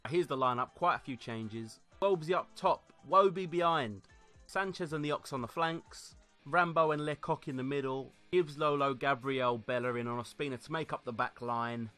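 A young man commentating live on his football video game, ranting, swearing and shouting angrily at the players. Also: medium pitch. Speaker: gaming YouTuber. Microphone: desktop USB microphone.

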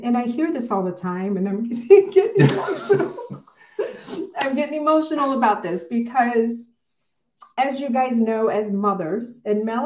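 A woman's voice: mid-range voice, dark tone, reverberant. A middle-aged woman hosting a casual morning devotional livestream, talking in an emotional, rambling way with many fillers.

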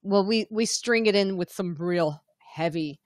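A woman's voice: medium pitch, unhurried, dry recording, clean studio sound. A woman hosting a casual live-stream chat, chatting loosely and reading out viewer comments as they come in. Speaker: podcast host.

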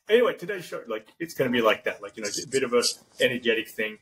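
Low-voiced man chatting loosely as host. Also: fast, few pauses, rough recording. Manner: rambling, animated, acts out sample lines. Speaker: podcast host. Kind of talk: casual interview chat.

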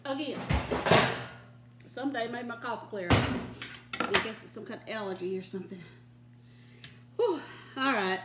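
Giggly older woman, high voice. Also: a little slow, pauses often, echoey room, very noisy. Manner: giggly, chatty, folksy. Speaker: cooking show host. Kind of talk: casual home cooking demonstration. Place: home kitchen.

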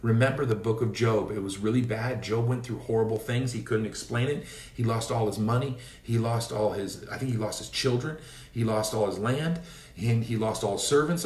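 Man preacher, mid-pitched, fervent declarations and storytelling, roomy off-mic sound. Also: darkish tone, far from the mic. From Seattle area, Washington State. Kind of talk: prayer and sermon.

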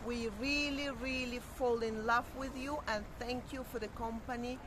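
A woman's voice: fairly high pitch, fairly even intonation, normal speed. Chatty woman over harbour street noise. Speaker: vlog co-host. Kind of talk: casual chat. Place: outdoor seaside promenade.

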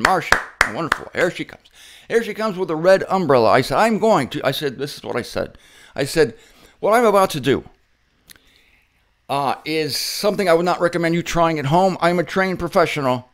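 A man's voice: fairly high pitch, fairly bright tone. A man teaching the Bible in a playful, theatrical way, repeating his key points with emphasis and telling stories with mock drama. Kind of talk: humorous Bible teaching monologue.

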